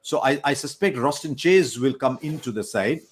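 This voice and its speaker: A man giving measured, analytical post-match cricket talk over a remote link. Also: medium pitch, animated, husky. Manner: measured, analytical, self-correcting.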